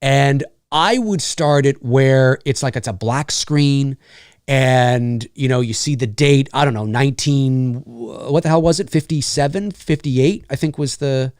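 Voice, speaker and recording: A man co-hosting a podcast, talking casually and swearing freely as he pitches a story idea. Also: unhurried, smooth, dry recording, clean studio sound. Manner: profane, animated storytelling with many fillers. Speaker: podcast co-host.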